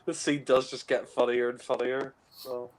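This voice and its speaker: A man's voice: mid-range voice, level tone, moderate pace, background noise. A man giving casual fan commentary on a film, laughing often and chatting in an amused way. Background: film soundtrack music playing.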